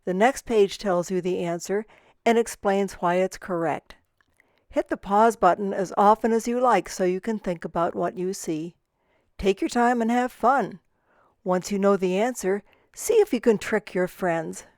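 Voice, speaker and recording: Woman reading friendly quiz instructions to kids, calm and even. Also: mid-range voice, measured pace, no room sound, studio quality. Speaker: narrator giving instructions. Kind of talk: instructional read-aloud.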